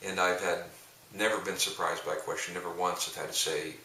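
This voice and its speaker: A man's voice: low-pitched, little pitch movement, brisk, pushed and bright. A middle-aged man, a pastor and coach, telling rambling, jokey stories in casual talk with frequent restarts. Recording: roomy echo, distant mic, faint hiss.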